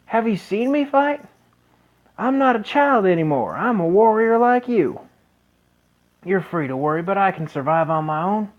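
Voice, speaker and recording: A man voicing an eager, earnest teenage boy who wants to be a warrior, in a raised voice. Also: narrow, tinny audio. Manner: pleading, earnest, pitched up. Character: bold young teenage boy fighter, eager.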